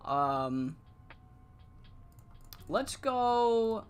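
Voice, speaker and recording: A streamer giving casual, rambling commentary while playing a wrestling management game, cursing freely and breaking into excited rants. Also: medium pitch, extremely slow, clear, resonant tone, faint music behind.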